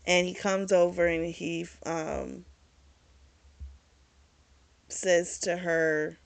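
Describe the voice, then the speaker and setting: A woman's voice: lowish voice, fairly even intonation, very slow, gravelly, no room sound. A woman hosting a book club channel, retelling a romance novel's plot in casual chat full of "like" and "you know".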